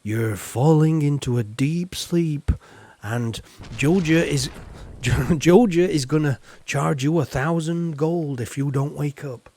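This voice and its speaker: A man putting on a joking stage hypnotist voice, intoning slowly and drawn out. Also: on the high side, a little mellow. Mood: lulling. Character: mock-solemn male stage hypnotist, lulling.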